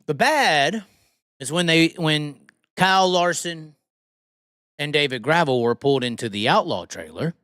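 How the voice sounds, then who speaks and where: A man hosting a live stream, talking racing in a profane, animated, laughing casual chat. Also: fairly high pitch, unhurried, no echo, clean studio sound. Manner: animated, swears constantly, laughs often. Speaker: podcast host.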